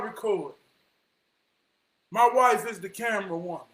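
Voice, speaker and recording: A man giving a motivational talk in a preacher-like cadence, swinging from hushed words to shouting. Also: high-pitched, normal speed, pauses often. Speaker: motivational vlogger.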